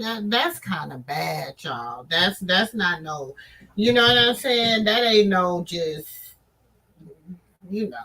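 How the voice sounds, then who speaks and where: A woman speaks in AAVE, commenting casually to her audience. Her delivery is slow and drawling, her voice sits slightly high, and she keeps turning to viewers with asides. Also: bright, forceful tone, low-quality recording.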